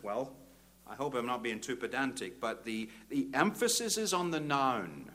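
An older man, preaching a sermon that moves from quiet reflection to loud, fervent exhortation. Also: mid-range voice, big pitch swings, normal speed. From Northern Ireland.

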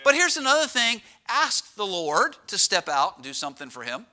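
A middle-aged pastor preaching a sermon, telling stories with lively slowdowns and sudden drops to a hush. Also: male voice, high voice. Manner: animated storytelling with dramatic slowdowns and drops to a hush.

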